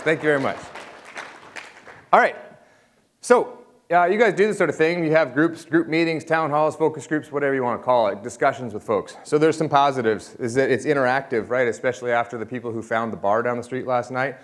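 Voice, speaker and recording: Guy doing a conference keynote, upbeat and jokey, chats with the crowd. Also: mid-range voice. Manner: energetic, jokey, interacts with crowd. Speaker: conference speaker. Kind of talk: keynote talk to an audience.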